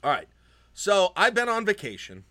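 A man co-hosting a casual sports podcast, talking in an animated, chatty way. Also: high voice, moderate pace. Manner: animated, puts on a mock Irish accent at times. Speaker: podcast co-host. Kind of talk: casual chat. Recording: remote call recording.

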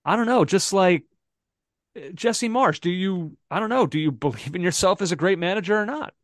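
A man talks football on a podcast, his voice sitting a little high for a man. He thinks aloud, circling back with fillers and restarts. The sound is dry and close, with no room around it. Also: animated, normal speed, no room sound. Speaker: podcast co-host. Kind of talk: casual football podcast chat.

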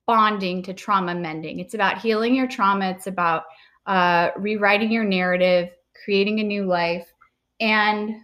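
A woman's voice: mid-range voice, a bit bright. A woman comedian hosts her podcast in easygoing chat. She sounds bubbly and playful, slipping little jokes into her talk.

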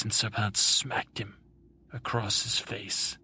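Brief: low, flat, rough-edged male storyteller, bright tone, improvised sleep tale. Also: slow pace. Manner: meandering, with self-corrections and asides. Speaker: podcast host and storyteller. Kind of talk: improvised bedtime story narration.

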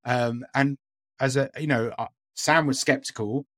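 A man's voice: medium pitch, steady tone, measured pace, fairly bright tone, dry recording, studio quality. A man co-hosting a podcast in casual chat, talking hesitantly with lots of fillers and restarts. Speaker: podcast co-host.

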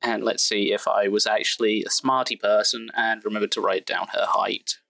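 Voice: medium pitch, flat delivery, moderate pace, vocal fry, pushed and bright, low-quality recording. A game master narrating a tabletop game in a casual, meandering, self-deprecating way.

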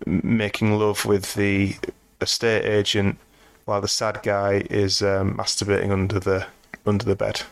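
Male podcast co-host, low and smooth, meandering with dry wit, dry close-miked sound. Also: completely flat delivery, normal speed, few pauses, dry recording. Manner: meandering, restarts sentences, dry humor. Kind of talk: casual film discussion.

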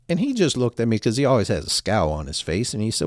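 A man's voice: mid-range voice, wildly swooping pitch, quick pace, vocal fry, hardly any pauses, no room sound, studio quality. A middle-aged man telling a personal story in a rambling, casual way with many restarts.

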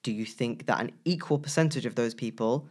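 Man, voice professional in casual chat, lively with loud playful emphasis. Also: medium pitch, a little fast. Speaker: co-host, voice professional.

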